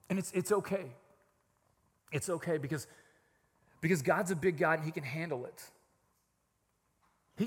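A man preaching a sermon in a casual, emphatic way, swinging from hushed reflection to loud, raised passages. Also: high voice, slightly rough, in a large hall. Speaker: pastor.

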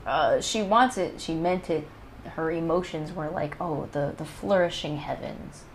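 A woman's voice: low voice, measured pace, slight background noise, rough recording. A woman co-hosting a podcast in casual chat, teasing and playfully self-assured. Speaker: podcast co-host.

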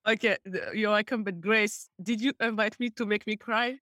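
A woman's voice: medium pitch, normal speed, no room sound. A woman from France with a French accent, a guest on a podcast, telling stories playfully and laughing often. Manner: playful, laughing, animated storyteller. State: a little nervous.

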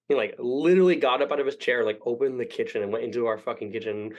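A young man in casual podcast chat, telling profane stories quickly and acting out the people in them. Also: medium pitch. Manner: fast, profane storytelling with animated impressions.

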